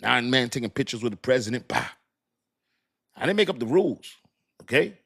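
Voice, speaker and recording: A man hosting a casual crypto livestream, talking in animated, slangy street talk, swinging between loud and soft. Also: medium pitch, fairly quick, vocal fry, slightly rough.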